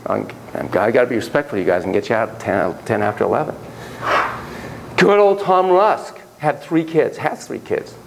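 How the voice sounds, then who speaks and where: A man's voice: mid-range voice, expressive, normal speed, vocal fry, noisy background. A man giving a classroom lecture on parenting, acting out quoted voices and digressing with laughter. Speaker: psychology lecturer.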